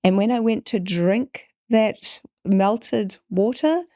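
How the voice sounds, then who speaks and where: Animated storytelling woman, dry sound. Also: mid-range voice, takes it slowly, dry recording. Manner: animated, acts out quoted voices. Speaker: podcast guest. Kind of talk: storytelling in conversation.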